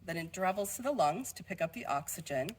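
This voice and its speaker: Young woman, nursing student, low voice, explaining in a class presentation. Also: lively intonation, a little fast, husky, low-quality recording. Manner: explanatory, walks through steps with occasional fillers.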